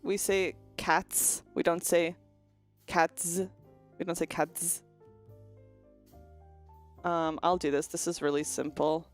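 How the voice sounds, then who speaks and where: Young woman, lower voice, casual streamer, explains pronunciation, swears a lot, faint background music. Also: fairly even intonation, a little fast, hardly any pauses. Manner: chatty, swears freely, explains pronunciation with demonstrations. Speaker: virtual streamer. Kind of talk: casual chat stream about linguistics.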